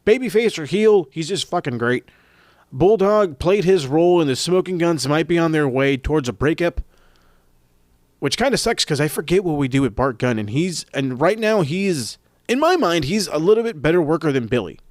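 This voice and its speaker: A man's voice: fairly high pitch, expressive, normal speed, no echo, studio quality. A man hosting a podcast, recapping matches in a casual, profane, rambling way that often corrects itself. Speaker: podcast host reviewing wrestling events. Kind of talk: casual chat.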